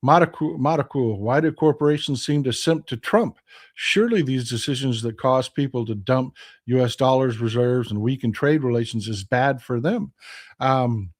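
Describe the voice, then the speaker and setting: A man's voice: mid-range voice, moderate pace. A fifty-year-old man with a Texan accent, hosting a casual live stream and reading viewer comments aloud, often restarting his phrases. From Texas. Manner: reads chat aloud, greets viewers by name, self-correcting restarts.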